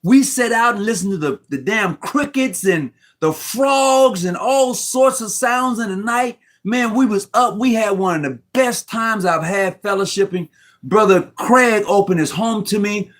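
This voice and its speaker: Emotional high-voiced man on a video call. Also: measured pace, fairly bright tone. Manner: heartfelt, rambling, repeats himself, slangy. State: near tears. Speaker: Mason guest on a live stream. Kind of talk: emotional casual talk. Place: room at home.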